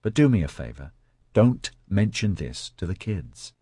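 Male narrator reading a sensible, guarded mother of two; low, husky and close-miked. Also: sing-song, unhurried, mellow, dry recording, heavily acted. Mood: wary. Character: woman, mother of two, wary and practical.

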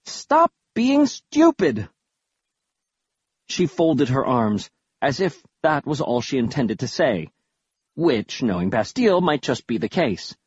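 Man, audiobook narrator, husky voice, animated pitch, dull lo-fi audio, dry. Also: measured pace, no echo. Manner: wry, dramatic, lively delivery. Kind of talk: first-person audiobook narration.

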